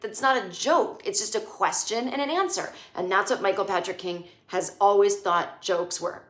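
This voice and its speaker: A woman host giving a sarcastic, animated recap of a TV episode, mocking the characters as she talks. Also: mid-range voice, roomy sound. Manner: snarky, animated, quotes characters in mocking voices. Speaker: podcast host.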